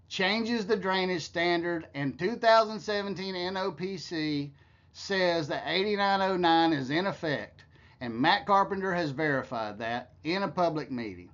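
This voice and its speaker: A man's voice: high-pitched, unhurried, a bit bright, muffled recording. A man giving heated, scornful commentary, ranting with profanity. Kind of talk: angry commentary.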